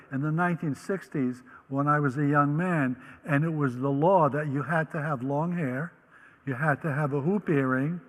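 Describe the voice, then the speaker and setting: An older Dutch man, a Holocaust survivor, vividly recounts his life story, acting out the voices of the people he quotes. His voice is fairly high and a bit bright, captured on a rough recording with a long reverb tail.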